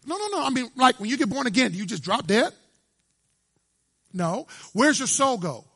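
A male preacher giving an emphatic, animated sermon and quizzing his congregation. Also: extremely high pitch, moderate pace, creaky, breathy edge, no room sound, studio quality.

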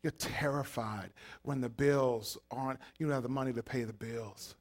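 A man preaching a sermon, swinging between shouted, fiery passages and quiet asides, calling out to the congregation. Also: mid-range voice, steady tone, normal speed. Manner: calls out to the congregation.

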